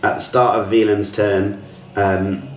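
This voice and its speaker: A man with a fairly low voice runs a tabletop game as game master. He talks hesitantly, stopping and restarting, and is picked up from a distance in an echoey room with faint background noise. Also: level tone, unhurried. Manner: hesitant, lots of fillers and restarts.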